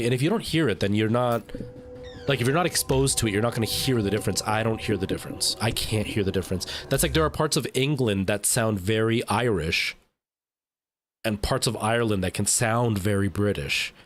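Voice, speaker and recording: A man's voice: on the low side, brisk. A man streaming a game live, chatting casually and thinking aloud with lots of fillers and restarts.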